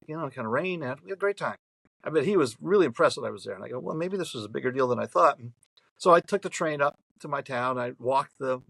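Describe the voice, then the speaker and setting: Podcast guest, man in his 70s from New York State, gravelly voice, rambling anecdotal storyteller, dry close recording. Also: medium pitch, a bit bright, no room sound, poor audio. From New York State, USA. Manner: chatty, rambling, frequent restarts.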